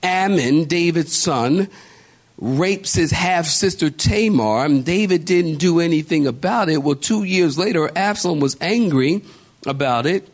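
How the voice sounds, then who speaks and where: A man's voice: a little high, lively intonation, a little slow. A man preaching a sermon as pastor, emphatic and calling out to his congregation with repeated exhortations. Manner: calls out to the congregation.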